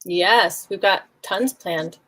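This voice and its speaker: A woman's voice: lowish voice, slow pace, fairly bright tone. Upbeat woman guest. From Louisiana, US. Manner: upbeat, laughs easily. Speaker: guest copywriter.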